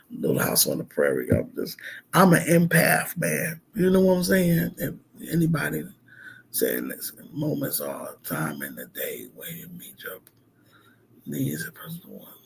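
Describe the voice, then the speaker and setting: A man's voice: fairly high pitch, huge pitch swings, slow, vocal fry, pauses often, slightly rough. A middle-aged man, a minister, talking heartfelt and rambling on a casual livestream, with lots of fillers.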